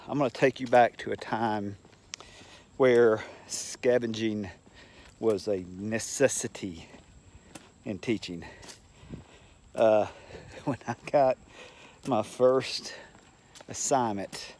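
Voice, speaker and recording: An older man with a mid-pitched voice tells stories from his years as a teacher. He rambles in a folksy, unhurried way and acts out the people he quotes. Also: a little mellow. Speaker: retired teacher. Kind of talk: casual storytelling monologue.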